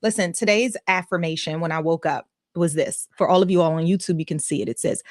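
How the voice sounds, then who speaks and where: A woman's voice: lowish voice, fast, few pauses, no echo, clean studio sound. A woman hosting a live coaching stream, enthusiastic and upbeat, with a folksy way of talking. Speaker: host and life coach. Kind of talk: energetic live-stream talk.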